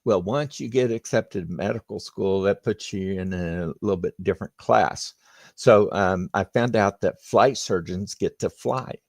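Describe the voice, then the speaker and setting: An older man, a retired flight surgeon, telling stories in an unhurried, plainspoken way as a podcast guest. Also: on the low side, vocal fry, no echo. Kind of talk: conversational interview storytelling.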